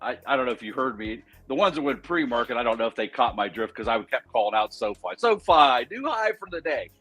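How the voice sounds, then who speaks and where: A man's voice: mid-range voice, fast talker, fairly bright tone, soft background music. A man on a trading panel, telling a long rambling story in casual chat and correcting himself as he goes. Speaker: trader on a panel.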